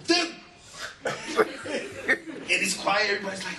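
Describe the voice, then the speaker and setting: A man doing stand-up, telling a story in an animated way and laughing along with it. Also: sits high, quick pace, pauses often, heavy background noise. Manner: animated, laughs through his own story. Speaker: stand-up comedian. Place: comedy stage. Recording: distant and echoey live venue recording.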